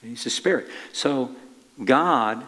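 A man preaching a conversational sermon, his mid-pitched voice trailing off into a long hall reverb. He speaks in a halting, easygoing manner, often restarting his sentences as he tells his story. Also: lively intonation, sharp tone.

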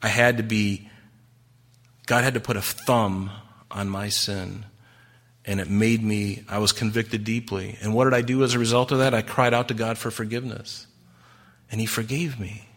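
A man preaching a sermon with a bright, forceful voice. He talks to the congregation in a conversational way and keeps asking them rhetorical questions. He acts out the voices of the people in his stories. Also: lowish voice, fairly even intonation, moderate pace. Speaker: pastor.

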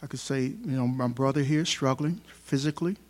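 A man preaching a sermon to his congregation in a church, emphatic and swinging between loud stresses and quiet asides. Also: mid-range voice, brisk. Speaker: pastor. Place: church hall.

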